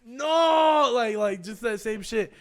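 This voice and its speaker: A young man streaming, retelling a personal story in a casual, animated way and acting out both sides with swearing. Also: sits high, a little fast. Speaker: streamer and co-host.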